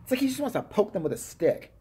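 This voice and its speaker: A man hosting a live stream, ranting casually and profanely, jumping from loud outbursts to muttered asides. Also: high-pitched, very animated, fast talker, breathy edge.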